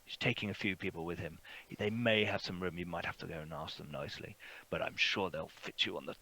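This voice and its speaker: A man narrating a tabletop game as game master, relaxed and rambling with many fillers. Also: sits low, fast, creaky.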